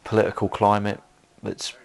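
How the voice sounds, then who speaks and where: Gravelly low-voiced man rambling. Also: completely flat delivery, normal speed. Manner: rambling, many fillers and restarts. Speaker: film commentator. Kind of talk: solo film commentary.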